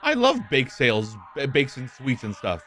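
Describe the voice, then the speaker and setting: Swearing streamer dude reacting to a game, voice jumps all over the place, quiet game music underneath. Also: male voice, medium pitch, moderate pace. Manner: excitable, profane, reads game text aloud. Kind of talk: casual gameplay commentary.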